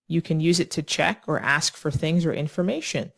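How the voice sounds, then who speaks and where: An English teacher walks ESL learners through small talk step by step, acting out short example lines along the way. The voice sits at a middle pitch with vocal fry, moving at a moderate pace with hardly any pauses.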